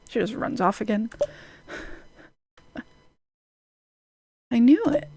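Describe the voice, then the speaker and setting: Woman, streamer, reading game dialogue aloud, slow and earnest, slightly high voice. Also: lively intonation, darkish tone, slightly rough, dry recording. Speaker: streamer playing a story game.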